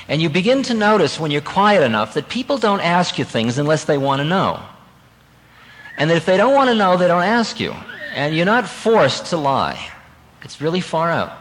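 A man giving a spiritual talk, telling a personal story in a lively, conversational way and laughing at himself now and then. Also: fairly high pitch, normal speed, big-room sound, rough recording. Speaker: spiritual teacher.

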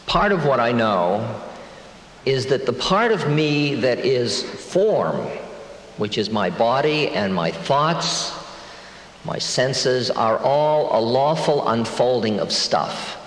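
A man's voice: mid-range voice, expressive, slight background noise. Wry reflective man in his sixties, echoey hall. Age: 60s. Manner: reflective, wry, slows down to muse. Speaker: spiritual teacher. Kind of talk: storytelling talk to an audience. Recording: echoey hall with long reverb.

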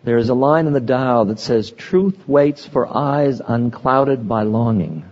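Older guy, spiritual talk, slow and husky, dull echoey hall recording. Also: mid-range voice, lively intonation, darkish tone. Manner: slow, meditative, pausing between words. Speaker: spiritual teacher.

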